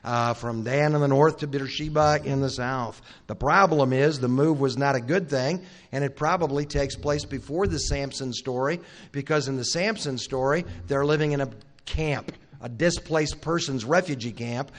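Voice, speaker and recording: A man preaching a teaching sermon, retelling a Bible story in a conversational way, acting out the characters' lines and adding wry asides to the audience. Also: medium pitch. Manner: asks the audience questions and adds wry asides. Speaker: Bible conference speaker.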